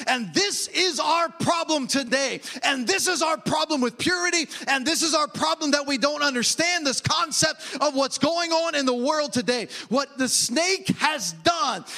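A man's voice: very high-pitched, bright, forceful tone. A man preaching a sermon, emphatic and often raising his voice, repeating phrases for stress.

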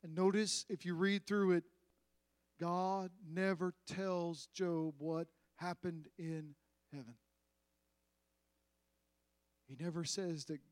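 Male preacher giving a sermon, slow and drawn out, dramatic, drops to a hush then gets loud. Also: high-pitched, fairly even intonation, no echo. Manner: dramatic, swings from loud to hushed.

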